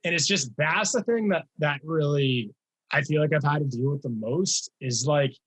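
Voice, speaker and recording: Young guy hosting a podcast, kinda high husky voice, rambles a lot w fillers. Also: normal speed, poor audio. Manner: rambling and animated, heavy on "like" fillers. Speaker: podcast host and music reaction creator. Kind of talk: casual podcast chat.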